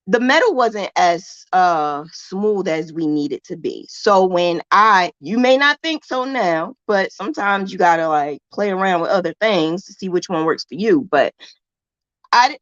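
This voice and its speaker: A woman hosts a casual crochet livestream, chatting playfully and comparing crochet hooks to a romance. Her voice is lowish, and the audio is dull with no echo.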